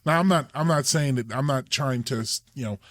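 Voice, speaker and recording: A man's voice: mid-range voice, normal speed, a bit bright, no echo, studio quality. A man co-hosting a faith podcast, talking earnestly and casually, often repeating words as he restarts. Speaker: podcast co-host.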